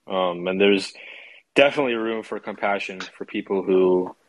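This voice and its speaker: A man hosting a podcast interview, speaking thoughtfully with hesitant pauses. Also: low voice, steady tone, rough recording. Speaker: podcast host. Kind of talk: interview conversation.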